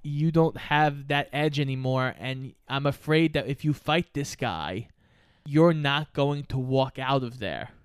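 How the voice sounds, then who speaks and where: A man co-hosting a casual podcast chat, retelling movie scenes in an animated way, acting out the quotes and swearing freely. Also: mid-range voice, unhurried, clean tone, no echo, clean studio sound. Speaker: podcast co-host.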